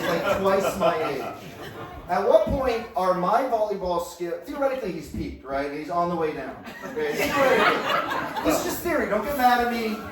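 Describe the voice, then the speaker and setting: A man doing a playful, self-mocking stand-up set, often laughing through his own lines. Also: sits high. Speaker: stand-up performer. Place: large hall with live audience. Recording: echoey hall, far from mic, live crowd.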